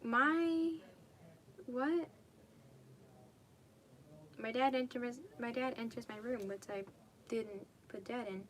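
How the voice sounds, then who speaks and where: A woman's voice: a little high, slow, pauses often. A young woman reading fan fiction aloud casually, stumbling and correcting herself and tossing in swearing asides. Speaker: fanfic reader.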